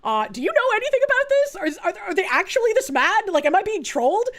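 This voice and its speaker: Young woman streamer, high voice, foul-mouthed, animated casual chat, laughs a lot. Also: fast. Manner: swears a lot, laughs often, animated storytelling. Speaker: VTuber streamer.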